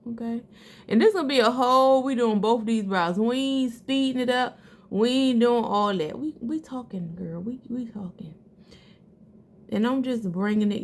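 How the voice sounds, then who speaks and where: A woman talking viewers through her eyebrow routine in a casual, chatty way, calling them girl and sis. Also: mid-range voice. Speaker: beauty vlogger. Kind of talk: casual makeup tutorial.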